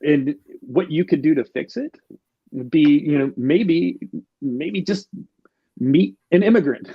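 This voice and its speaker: A man's voice: a little high, slightly rough, no room sound, highs cut off. A male podcast guest talking casually and reflectively, often restarting his sentences. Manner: reflective, halting, many restarts. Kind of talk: casual conversation.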